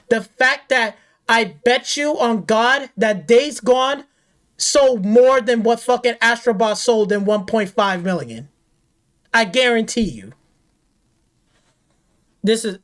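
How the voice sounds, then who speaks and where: A woman hosting a gaming channel, ranting off the cuff in a heated, profane way, repeating herself and firing rhetorical questions. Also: fairly high pitch. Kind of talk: angry off-the-cuff rant.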